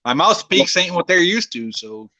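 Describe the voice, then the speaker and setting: Crude, bright-voiced man hosting a stream. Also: sits high, big pitch swings, moderate pace, dry recording. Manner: crude, profane, joking. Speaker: streamer host. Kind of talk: casual stream chat with viewers and co-hosts. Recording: slightly dull lo-fi voice chat.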